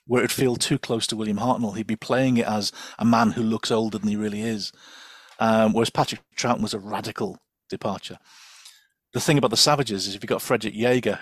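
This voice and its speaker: A man's voice: lowish voice, husky, no echo. A man speaking as a guest expert in a casual podcast chat, chatty and enthusiastic, with lots of fillers and laughter.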